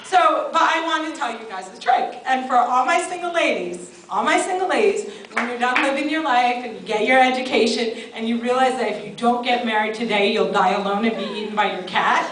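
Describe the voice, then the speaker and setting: A woman's voice: a little high, animated, moderate pace. A woman in her thirties performing a stand-up comedy set, chatty and self-mocking, with lots of ums and asides. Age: 30s. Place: live comedy venue. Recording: far-off roomy live club recording. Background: loud audience laughter and noise.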